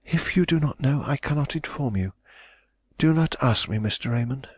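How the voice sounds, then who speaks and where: A woman's voice: extremely low pitch, animated, breathy edge, no echo, pitched above the performer's own voice, exaggerated voice. A man reading an audiobook, voicing a distressed, secretive young society woman who trembles and pleads. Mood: stern. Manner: tremulous and pleading, quick to cry out.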